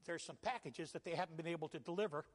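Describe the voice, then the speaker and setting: A man preaching a sermon as pastor, with loud swells on scripture and quieter conversational asides. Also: on the high side, fast talker. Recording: long reverb of a church hall.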